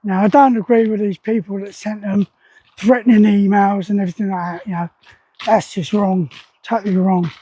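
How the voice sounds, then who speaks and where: Husky-voiced Englishman with a mellow tone. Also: high-pitched, level tone, normal speed, highs cut off. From England. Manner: rambling, opinionated, lots of fillers. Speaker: vlogger. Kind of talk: casual opinion talk to camera.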